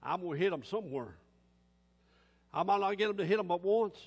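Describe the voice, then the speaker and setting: A man's voice: sits high, expressive, a little fast, breathy edge. A man, a pastor, preaching an impassioned sermon in a folksy, plain-spoken way. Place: church sanctuary. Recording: long church hall reverb.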